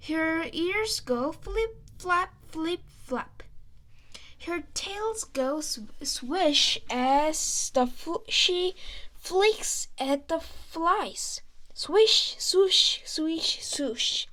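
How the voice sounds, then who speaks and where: A woman reading a children's picture book aloud in a slow, sing-song way, playing up sound words and animal noises. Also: very high voice, animated, a bit bright. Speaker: storyteller.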